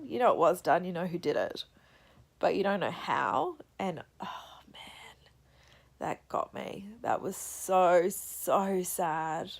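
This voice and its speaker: A young woman talking casually about her reading in a vlog, reflective and halting, teary after crying. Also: fairly low pitch, gravelly. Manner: reflective, soft-spoken, halting. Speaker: book vlogger.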